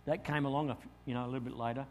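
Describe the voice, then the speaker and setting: A middle-aged Australian man, a pastor telling a lively story in a sermon and acting out his own thoughts. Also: medium pitch, racing, slight background noise.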